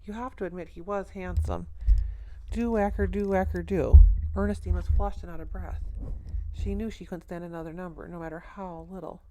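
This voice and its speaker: A woman narrating a story in an even, wry storytelling manner. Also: lowish voice, brisk, faint music behind. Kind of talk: audiobook narration.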